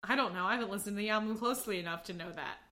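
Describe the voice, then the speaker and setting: Woman cohost, bright sharp voice, casual and responsive, easy laugh. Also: medium pitch, rapid-fire. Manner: responsive, laughs easily, reacts with interest. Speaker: podcast co-host. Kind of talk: casual chat.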